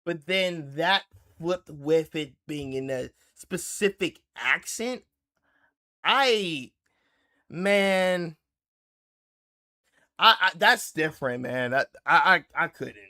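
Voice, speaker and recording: A male streamer chats casually with his viewers while reacting to videos. His voice sits a bit high, and he rambles, stops and restarts his thoughts often. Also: expressive, pushed and bright. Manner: rambling, halting, full of restarts. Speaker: livestream host.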